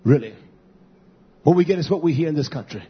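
Blunt fiery male preacher, husky voice. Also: expressive, fairly quick, lo-fi sound. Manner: blunt, repetitive, swings between shouting and low muttering. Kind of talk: fiery sermon.

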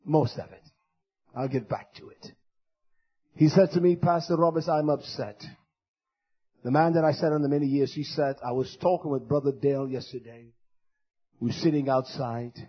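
A man pastor preaching a fiery sermon, swinging from loud shouted denunciations to low muttered asides. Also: steady tone, normal speed, pauses often, slightly rough, muffled recording.

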